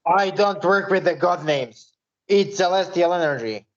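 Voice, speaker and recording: A man's voice: sits high, a little slow. A man hosting a podcast, chatting casually and profanely with a lot of fillers. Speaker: podcast host. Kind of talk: casual interview chat. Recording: dull lo-fi recording.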